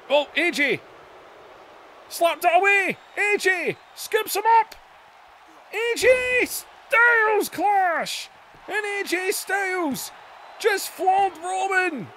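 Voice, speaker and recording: A man hosting a gaming video, giving excited wrestling-style play-by-play that bursts into shouts. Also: extremely high pitch, slow pace, a little hiss or hum. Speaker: YouTube gaming host.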